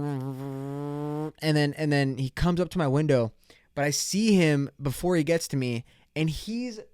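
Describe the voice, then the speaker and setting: A man's voice: a little high, a little mellow, no room sound, clean studio sound. A young man hosting his own podcast, talking in a loose, profane, rambling way full of bro slang, acting out little scenes with cops. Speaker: podcast host. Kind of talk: casual solo podcast rant.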